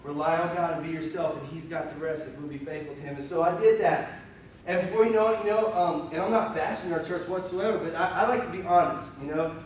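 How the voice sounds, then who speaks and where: Candid young pastor in an echoey church. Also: male voice, a little high, fast talker. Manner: candid, animated, self-deprecating, full of fillers. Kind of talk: conversational sermon storytelling. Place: church sanctuary. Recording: very echoey room, voice from far off, faint hiss.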